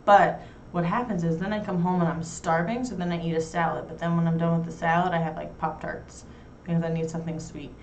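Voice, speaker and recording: A young New York woman hosts a casual chat show, joking in a blunt, crude, self-mocking way. Her slightly low voice, captured from well off the mic, moves a little fast with fairly even intonation and few pauses. The room lends a roomy, far-off echo over a faint hiss.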